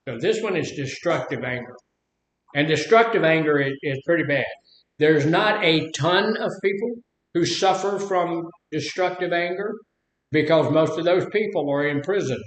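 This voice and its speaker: Older man, folksy rambling storyteller, slightly high voice, roomy echo. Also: moderate pace. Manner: folksy, rambling storyteller who acts out quotes. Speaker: speaker leading a talk on anger. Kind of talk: casual teaching talk with stories. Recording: echoey room.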